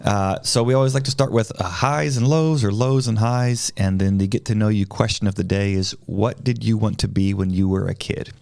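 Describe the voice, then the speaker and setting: Gravelly pastor co-hosting a podcast. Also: male voice, lowish voice, steady tone, fairly quick, hardly any pauses, darkish tone, no room sound, studio quality. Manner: playful, teasing, chatty. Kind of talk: casual chat.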